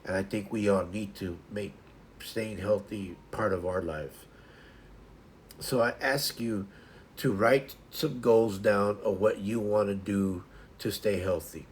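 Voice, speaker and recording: A man's voice: on the low side, takes it slowly, slight background noise. A man hosting a casual morning livestream, chatting to viewers in a rambling way and often restarting his sentences. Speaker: livestream host.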